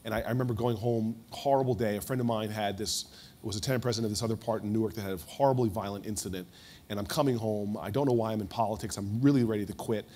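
A man speaking on a conference panel, telling a story quickly and with animation, often restarting his words. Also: lowish voice, mellow, slight background noise. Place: stage at a conference before an audience.

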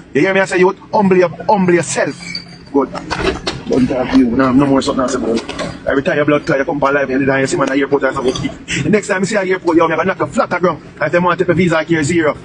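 A Jamaican man rants on a live stream, firing off repeated taunts and demands at a rapid clip. His voice sits a little high for a man. Loud traffic noise and passing vehicles run underneath him.

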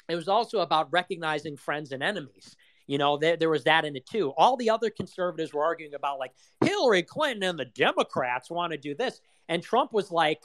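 A man's voice: high-pitched, a bit bright. A young man hosting an audio chat room, giving a rambling casual political monologue full of rhetorical questions and swearing.

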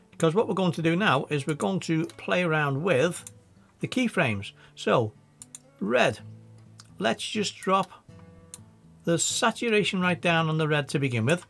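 A man with a Scouse accent giving a casual, chatty software tutorial, thinking aloud as he works. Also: on the high side. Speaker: video editing tutor.

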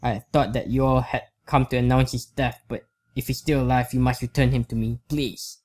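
A man voicing a worried old dark elf father who speaks gravely and pleads for his son. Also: medium pitch, fairly even intonation, fairly quick, close to an everyday voice. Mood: pleading.

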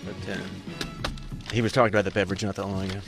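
A man's voice: low-pitched, level tone, rapid-fire, soft background music. A man co-hosting a podcast, giving dry, terse replies in casual banter. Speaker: podcast co-host.

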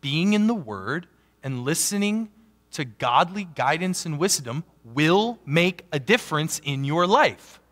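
Guy pastor giving a sermon, gets loud and punchy then drops real quiet, big church reverb. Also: fairly high pitch, measured pace. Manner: animated, rising to loud emphatic peaks and dropping to quiet asides. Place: church sanctuary. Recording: long church hall reverb.

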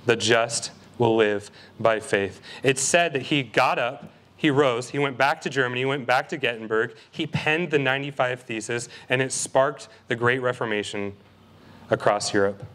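Young male preacher with an earnest, emphatic sermon delivery, average pitch, slows for scripture readings. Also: steady tone, fairly bright tone. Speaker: guest preacher. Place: college ministry service.

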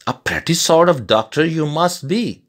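A stern, scornful village man from a storybook tale, read by a man. He speaks deeply and without hurry. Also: very animated, takes it slowly, a bit bright, full character voice. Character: stern male villager, adult.

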